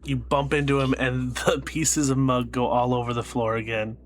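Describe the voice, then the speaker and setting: A man running a tabletop sci-fi game as game master, narrating scenes in a steady, descriptive way. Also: mid-range voice, normal speed. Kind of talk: narrating a tabletop space adventure.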